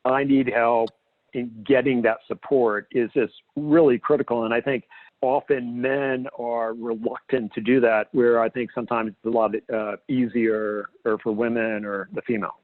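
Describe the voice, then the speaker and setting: A man with a mid-pitched voice speaks earnestly and thoughtfully, pausing on fillers as he works out his point. His voice is squeezed into a thin, phone-like band. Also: fairly even intonation. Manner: earnest and reflective, many fillers. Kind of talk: casual roundtable chat. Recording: tinny phone-like line.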